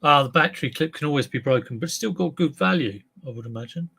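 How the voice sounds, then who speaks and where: A man with a husky voice chatting casually and rambling on a live reseller stream, often breaking off and restarting his sentences. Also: fairly high pitch, lively intonation, fast, sharp tone. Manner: rambling, self-interrupting, chatty. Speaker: reseller livestream host.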